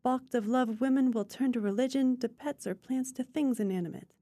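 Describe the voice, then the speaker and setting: Stately old lady laying down the law, read by a woman, mellow dry voice. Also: high-pitched, moderate pace, dry recording, pitched above the performer's own voice. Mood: grand. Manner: formal, pronouncing judgments. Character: elderly woman, grand and opinionated mother.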